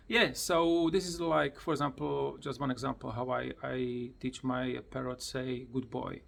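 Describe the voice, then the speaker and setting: Slow-talking man with a gravelly voice. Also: flat delivery, fairly bright tone, a little hiss or hum. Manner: slow, plain explanations with simple non-native grammar; repeats the bird's words in a high, sing-song voice. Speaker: parrot owner teaching his bird to talk. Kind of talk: casual tutorial vlog. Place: at home beside a pet parrot.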